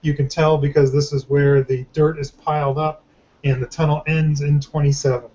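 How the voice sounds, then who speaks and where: A man's voice: on the high side, mellow. A man hosting a podcast in casual chat, joking and rambling with restarts. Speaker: podcast host. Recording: dull lo-fi recording.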